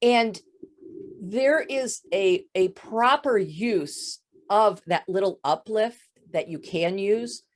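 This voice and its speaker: A woman voice coach with a touch of vocal fry, explaining voice habits in an interview. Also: medium pitch, slow pace. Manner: explanatory, demonstrates voice faults. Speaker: voice coach guest. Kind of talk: interview answers.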